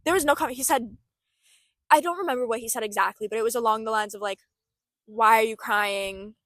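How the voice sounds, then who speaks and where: A woman's voice: a little high, expressive, quick pace, a bit bright, no room sound. Young woman talking things through. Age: young adult. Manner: reflective, many "like" fillers. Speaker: podcast co-host. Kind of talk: casual chat.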